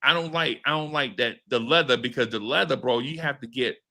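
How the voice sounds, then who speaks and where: This podcast host speaks a little fast at medium pitch. Casual and slangy, he tells a story with animation, throwing in swear words and acting out what others said.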